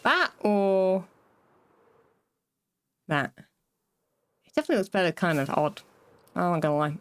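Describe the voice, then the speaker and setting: A woman's voice: mid-range voice, sing-song, a little slow, long pauses, no echo. Rambling woman streamer, dry close sound. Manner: rambling, self-interrupting, laughs often, talks to chat. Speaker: game streamer. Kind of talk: casual livestream chat while building in a game.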